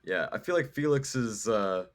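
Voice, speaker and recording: A man's voice: on the low side, lively intonation, moderate pace. A man hosting a podcast in casual chat, teasing and swearing, laughing often. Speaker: podcast host.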